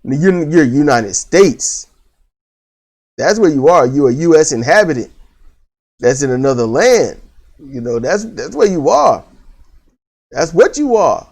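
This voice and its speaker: A man's voice: fairly high pitch, sing-song, unhurried, pauses often, a little mellow. Rambling man reviewing a movie. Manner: rambling, frequent restarts and fillers, casual swearing. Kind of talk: casual spoken movie review.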